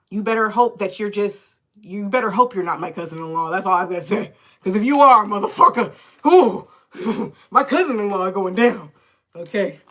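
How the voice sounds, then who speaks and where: A woman tarot reader talking live into her phone, animated and indignant, cursing freely as she vents. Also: medium pitch, noisy background. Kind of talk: live-streamed tarot chat.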